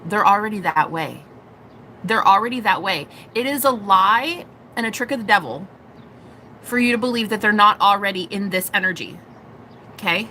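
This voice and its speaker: Young woman, tarot streamer; bright, forceful delivery, profane and theatrical, slight background noise. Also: medium pitch, moderate pace. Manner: animated, profane, acts out quoted voices. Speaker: tarot reader. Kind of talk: live-stream tarot reading.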